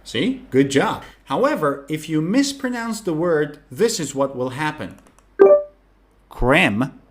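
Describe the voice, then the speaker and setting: Man, english teacher, high voice, lively swoops, clear deliberate explaining. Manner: clear, deliberate, demonstrates words slowly. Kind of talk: online lesson explanation.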